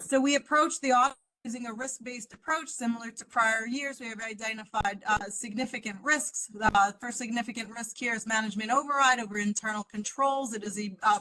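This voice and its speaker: Woman auditor on a video call, bright kinda high voice, steady explainer with lots of ums. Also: poor audio. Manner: methodical and explanatory, with frequent "um". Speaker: external auditor presenting to a board. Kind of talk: business presentation over a video call. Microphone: computer mic on a video call.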